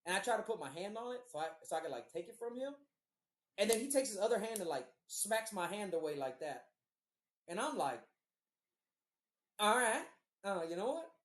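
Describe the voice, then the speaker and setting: A man's voice: high voice, brisk. Profane man telling a story, roomy echo. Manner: profane, animated storyteller acting out quotes. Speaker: podcast host. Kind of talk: casual storytelling.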